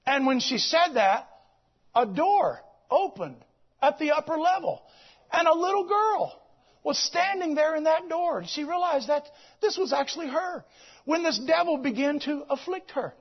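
A man preaching, moving from shouted exclamations to hushed storytelling and repeating his phrases. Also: very high voice, animated, normal speed, muffled recording. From United States. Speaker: visiting preacher. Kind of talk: sermon storytelling.

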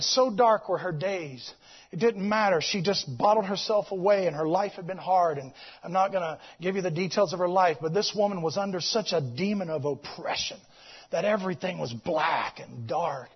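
A man delivers a sermon with a husky, breathy voice, swinging from shouted praise to quiet, intimate storytelling. He repeats phrases for emphasis. The recording sounds dull and lo-fi. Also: sits high. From United States. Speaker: visiting preacher.

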